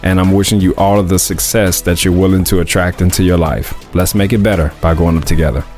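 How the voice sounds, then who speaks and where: A man's voice: low-pitched, fairly even intonation, darkish tone, soft background music. A man hosting his own podcast, talking earnestly and emphatically, stretching out key words as he makes his point. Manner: earnest, emphatic, drawn-out stresses; confident, heartfelt motivational talk. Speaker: podcast host. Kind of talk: casual solo podcast monologue.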